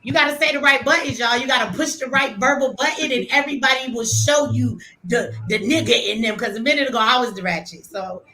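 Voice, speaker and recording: A woman's voice: fairly high pitch, fast, few pauses, pushed and bright, slight background noise. A woman online commentator arguing brashly and profanely, mocking her opponent. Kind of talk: heated argument.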